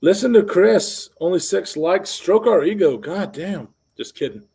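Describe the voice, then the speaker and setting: A man's voice: high-pitched, lively intonation, a little slow, vocal fry, mellow, slightly rough. Laughing, foul-mouthed man co-hosting a chat. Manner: profane, laughing, trips over words. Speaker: co-host. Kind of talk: casual chat.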